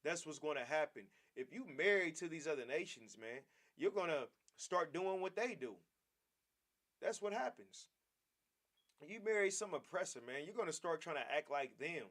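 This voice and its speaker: A man preaching a Bible lesson with a somewhat high voice. He hammers his points with repeated phrases and speaks straight to his listeners, calling them "man" as he goes. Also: animated, normal speed, a bit bright. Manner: emphatic, repetitive, calls listeners "man". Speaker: class teacher.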